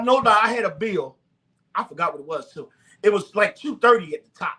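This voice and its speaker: A man's voice: sits high, expressive, brisk, pushed and bright. A man preaching and exhorting on a phone livestream, then going through announcements casually. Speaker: live video host. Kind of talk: preaching-style livestream talk.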